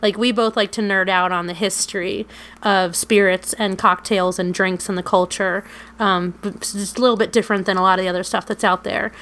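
Woman, podcast co-host, rambling casual chat, frequent cursing, bright tone, middle pitch. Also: fairly even intonation, a little fast. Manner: rambling, swears freely, laughs often.

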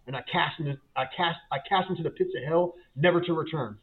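Over a tinny, phone-like line, a man who is a guest and business owner shares an emotional, fervent faith testimony. He talks fast in a slightly high voice, using casual slang and often repeating and restarting himself.

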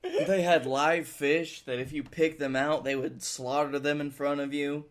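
A man's voice: on the high side, fairly even intonation, unhurried. A man co-hosting a comedy podcast, heckling his partner dryly and chatting casually. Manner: dry, heckling. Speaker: podcast co-host.

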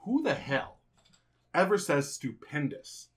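A man's voice: fairly high pitch, very animated, slow. A young man with a slightly raised voice co-hosts a loose, joking chat. He rambles, stammers and restarts his sentences as he goes. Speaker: podcast co-host. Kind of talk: casual chat.

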